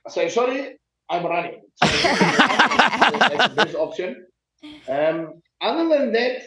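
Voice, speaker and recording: A man's voice: sits high, fairly bright tone. Blunt South African man on an echoey call. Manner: blunt, joking. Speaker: guest, slap fighter. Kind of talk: casual interview. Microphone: video call. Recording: echoey dull video call audio.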